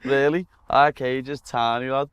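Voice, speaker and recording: A man's voice: medium pitch, steady tone, unhurried, noisy background. A young man with a Liverpool accent hosting a casual chat, bantering in slang and calling his guest lad. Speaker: host.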